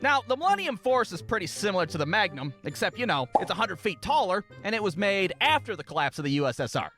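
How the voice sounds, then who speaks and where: A man tells a comedy story at a rapid clip, his voice pitched high. He is sarcastic and profane and exaggerates everything. Music plays behind him. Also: sing-song, pushed and bright. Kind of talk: comedic animated narration.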